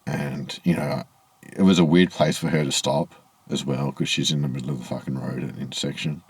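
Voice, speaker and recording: A man's voice: very deep voice, fairly even intonation, brisk, slightly rough, dry recording. A man telling a rambling, aggrieved story to camera in a casual vlog, swearing freely, outdoors in the evening. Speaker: vlogger. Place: outdoors in low evening light.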